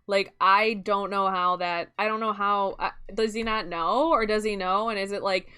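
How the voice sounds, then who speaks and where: A woman's voice: mid-range voice, fairly even intonation, moderate pace, pushed and bright, smooth. A young woman with a Midwestern accent, chatting casually and rambling while she streams a game, often breaking into laughs.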